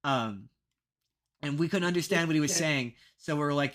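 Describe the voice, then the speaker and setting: A young man chatting on a podcast with a bright, forceful voice pitched a little high. He rambles through a story, stumbling over restarts and fillers and laughing at his own old opinions. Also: expressive, moderate pace. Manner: rambling, self-mocking, many fillers and restarts. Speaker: podcast co-host. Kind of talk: casual podcast chat.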